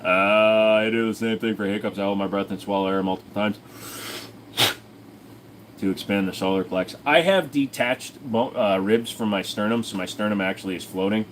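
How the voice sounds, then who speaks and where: A man's voice: on the low side, normal speed, noisy background. A man hosting a casual livestream from home, answering chat questions in a crude, jokey way and often breaking into silly voices. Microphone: desk microphone.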